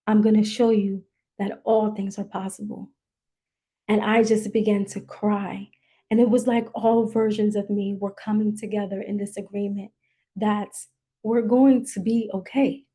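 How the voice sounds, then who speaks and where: A woman's voice: medium pitch, warm tone. A woman who hosts a coaching podcast, telling a personal story in an earnest, emotional way and holding back tears. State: near tears. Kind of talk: personal reflective monologue.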